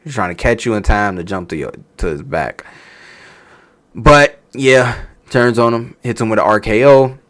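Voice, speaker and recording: A man's voice: fairly low pitch, normal speed. A man casually reviewing a wrestling show, talking loosely and profanely as he tells stories and laughs along. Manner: animated, profane, storytelling with laughs. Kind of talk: casual reaction chat.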